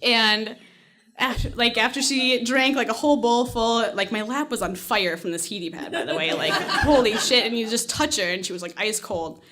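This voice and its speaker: A woman's voice: a little high, moderate pace, pushed and bright. A woman telling a personal story on stage at a live storytelling night, casual and salty, often laughing as she goes.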